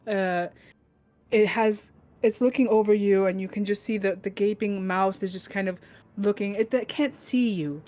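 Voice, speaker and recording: A woman's voice: mid-range voice, fairly even intonation, darkish tone. Casual young woman running a tabletop game. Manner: casual, halting, lots of fillers, swears. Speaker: game master.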